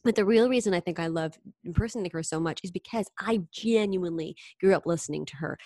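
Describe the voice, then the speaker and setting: A woman singer and impressionist, telling stories in an animated, chatty way during an interview. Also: lowish voice, fast talker, no room sound, studio quality. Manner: animated, chatty storyteller who briefly slips into singing impressions. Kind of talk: interview conversation.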